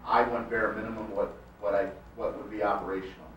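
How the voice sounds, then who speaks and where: A man's voice: on the low side, little pitch movement, quick pace, highs cut off, a little hiss or hum. A man in his fifties, a village access coordinator, earnestly making his case at a public budget meeting. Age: 50s. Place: council meeting room. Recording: roomy echo, distant mic.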